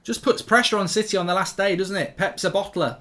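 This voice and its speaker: With a high, brisk voice, a middle-aged man hosts a live football watchalong, ranting excitably and going over the same points again as the game unfolds.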